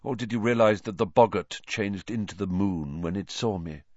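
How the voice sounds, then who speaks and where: A man voicing a calm, weary male teacher who speaks in a measured, restrained way. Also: on the low side, no room sound, muffled recording, lightly acted. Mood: cool.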